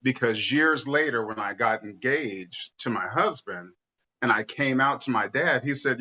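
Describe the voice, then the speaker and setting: Bright-voiced man telling a lively story. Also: mid-range voice, moderate pace, lo-fi sound. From San Diego area. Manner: animated storyteller who laughs while telling. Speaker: co-host and drag performer. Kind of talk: casual chat, storytelling. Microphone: video call.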